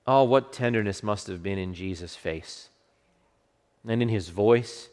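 A man preaching a sermon with fervent swells of emphasis and softer, hushed moments. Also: lowish voice, a little slow. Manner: fervent, rising to bursts then dropping to hushed quotes. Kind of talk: expository sermon. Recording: long reverb of a large hall.

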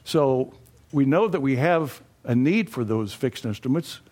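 A man's voice: mid-range voice, animated, measured pace, a little mellow. Older guy lecturing a class, folksy, asks questions then answers em. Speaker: financial education instructor.

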